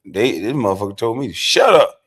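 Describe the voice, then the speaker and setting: A middle-aged man hosting a livestream, telling stories in a casual, profane, animated way, dropping from low mutters to loud outbursts. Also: fairly quick. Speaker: livestream host.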